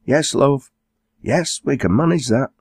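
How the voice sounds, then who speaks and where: Fussy kind farm mum, middle-aged, a bit raspy, male narrator doing her. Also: mid-range voice, a little slow, a little mellow, no echo, studio quality, pitched above the performer's own voice. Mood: motherly. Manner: kindly, fussing. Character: warm motherly farmer's wife, middle-aged.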